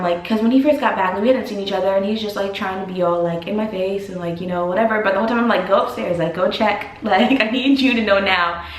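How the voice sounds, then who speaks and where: A young woman telling a personal story as a vlogger, chatty and full of "like", acting out what others said. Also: medium pitch. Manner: chatty, heavy use of "like", animated quoting of others. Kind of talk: casual storytime vlog. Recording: roomy echo.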